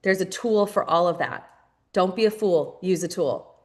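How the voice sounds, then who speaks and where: This woman speaks at a moderate pace in a fairly low, somewhat dark voice. Leading a live virtual session for new team members, she's upbeat and straightforward, addresses everyone as "you guys," and says key phrases more than once for emphasis.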